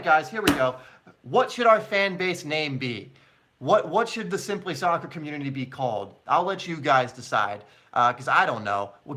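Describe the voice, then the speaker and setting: A man hosts a live question-and-answer stream, answering viewers in a loose, chatty way full of ums and restarts. His voice is bright and forward, sitting at an ordinary middle pitch for a man. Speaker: soccer channel host.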